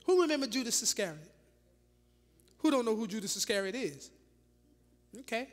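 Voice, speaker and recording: A woman bishop preaching a sermon in a church, dramatic and animated, firing rhetorical questions at the congregation with laughing asides. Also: on the high side, normal speed. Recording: long reverb of a large church hall.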